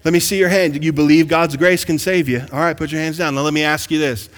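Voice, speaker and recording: Male pastor, sermon, fairly high voice, excited call-outs, long church reverb. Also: fast. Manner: preaching with rising bursts of excitement and congregation call-outs. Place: large church sanctuary.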